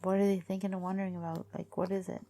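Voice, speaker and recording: A woman giving a casual tarot card reading who is losing her voice, musing aloud in halting, repetitive phrases. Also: mid-range voice, little pitch movement, mellow, a little hiss or hum. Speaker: tarot reader.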